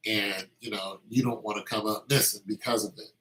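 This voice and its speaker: Bright-voiced man rambling casually. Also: lowish voice, steady tone, a little fast, slight background noise, rough recording. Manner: meandering, anecdotal, lots of fillers.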